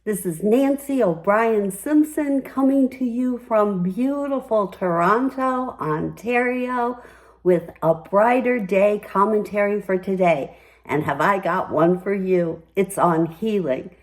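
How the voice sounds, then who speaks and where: A woman's voice: medium pitch, slow pace, low-quality recording. An older woman hosting a personal commentary, telling her story in an emphatic, upbeat way. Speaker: commentary host.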